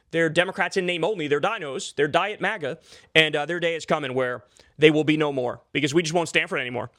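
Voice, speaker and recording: A man's voice: fairly high pitch, fairly bright tone, no echo, clean studio sound. A man delivering a heated, profane, sarcastic political commentary rant, full of filler likes. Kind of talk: ranting political commentary vlog.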